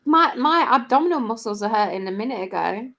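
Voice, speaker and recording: A woman's voice: on the high side, animated, a little fast, a bit bright. A woman chatting on a video call, cheeky and joking, swearing casually.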